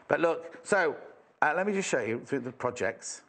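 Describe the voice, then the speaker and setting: A man's voice: a little high, animated, normal speed, fairly bright tone, a little hiss or hum. A man from England presenting a live sewing shopping show, chatty and enthusiastic with self-mocking asides. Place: TV studio.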